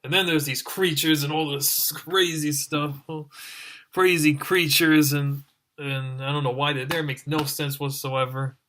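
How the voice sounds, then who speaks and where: A man's voice: fairly high pitch, little pitch movement, measured pace, pushed and bright, a little hiss or hum. A man giving a ranting review as an online reviewer, exasperated and exclaiming over and over.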